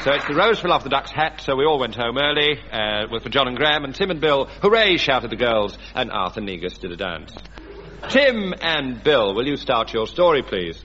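Man chairing a comedy panel game; dry, brisk, pitch moving a lot; dull, hissy old radio recording. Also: very animated, pushed and bright. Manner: brisk, dry announcing of scores and tasks. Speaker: quiz host.

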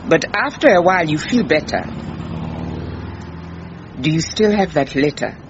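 A patient woman detective, lively pitch, muffled radio-play sound. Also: unhurried, background noise. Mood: firm, gentle. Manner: gentle but firm, patient. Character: calm, persistent female private detective. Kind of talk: radio drama acting.

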